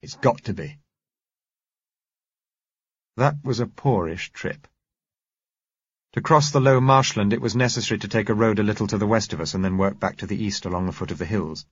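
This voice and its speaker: A man reading a first-person story aloud in a measured, steady narration. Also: on the low side, breathy edge, no echo, muffled recording. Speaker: audiobook narrator.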